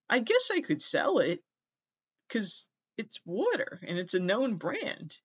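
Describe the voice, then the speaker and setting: Rambling and self-deprecating, a male podcast host stumbles over names during a casual comic monologue. He speaks slowly in a high, a bit bright voice with a breathy edge and huge pitch swings, captured in a dry, dull, slightly muffled lo-fi recording.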